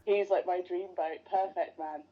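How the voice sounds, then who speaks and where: A woman's voice: fairly low pitch, steady tone, measured pace. A woman guest on a podcast, chatting casually and enthusiastically like a fan. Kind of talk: casual interview chat. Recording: dull lo-fi sound.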